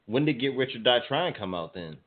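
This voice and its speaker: A man co-hosting a casual radio show, slangy and emphatic, talking over his partner with excitement. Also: mid-range voice, a little fast. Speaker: podcast co-host. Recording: phone-like narrow sound.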